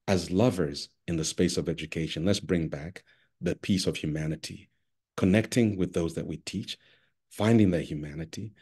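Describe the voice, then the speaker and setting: Deep husky-voiced man giving an expressive keynote. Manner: expressive, addresses listeners by name. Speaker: keynote speaker. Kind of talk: conference keynote speech. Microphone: video call.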